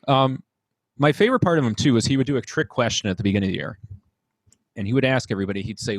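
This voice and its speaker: Low-voiced Midwestern man, earnest storyteller. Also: gravelly, breathy edge, no echo. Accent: Midwestern American. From United States. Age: young adult. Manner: earnest, halting, with many restarts and fillers. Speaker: band director guest. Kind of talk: reflective interview storytelling.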